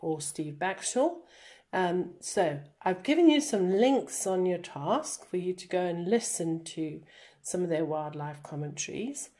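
A fairly low-pitched woman speaks as a class teacher in a recorded remote lesson. She explains patiently and step by step, pausing on plenty of fillers along the way. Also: a little mellow.

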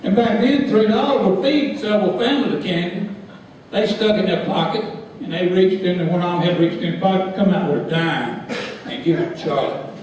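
A man telling a folksy story to a live crowd, animated and laughing as he goes. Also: sits high, a little fast, slight background noise. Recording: echoey hall from far off.

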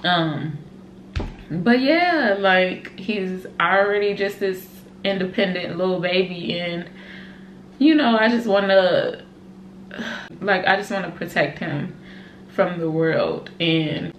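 Chatty young mom vlogger, echoey room. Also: female voice, fairly low pitch, slow pace. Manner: chatty, emotional, many fillers like "like" and "y'all". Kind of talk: casual chat to camera. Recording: echoey room with faint noise.

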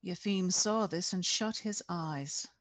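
Lady author reading her book real slow, dry close sound, video call. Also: fairly low pitch, no room sound. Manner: measured, deliberate. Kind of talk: expressive reading aloud.

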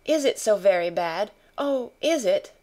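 A woman's voice: expressive, normal speed, a little mellow, natural voice. A woman playing a frightened, pleading young mother. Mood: panicked. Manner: high, breathless, pleading cries.

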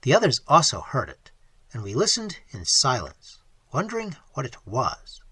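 Lively, slightly husky audiobook reader. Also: mid-range voice, normal speed, no echo. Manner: animated, acts out dialogue with sudden drops to a whisper. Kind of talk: scripted narration.

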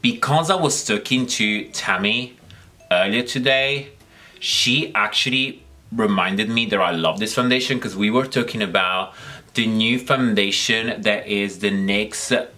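A man's voice: fairly low pitch, unhurried, bright, forceful tone. A man hosting his own makeup channel, chatting casually to the camera in a giggly, rambling way with lots of fillers. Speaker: makeup vlogger, channel host.

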